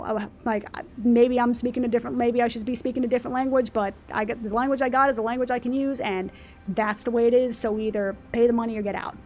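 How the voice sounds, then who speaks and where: A woman ranting in casual chat over gameplay, exasperated, quick to swear and act out customers. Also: on the high side, darkish tone, slight background noise. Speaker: let's play host.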